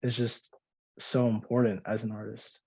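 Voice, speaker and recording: A man's voice: lowish voice, level tone, normal speed, vocal fry, husky, muffled recording. A male musician co-hosting, speaking reflectively about growing as an artist. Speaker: guest co-host and musician. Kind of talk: casual interview.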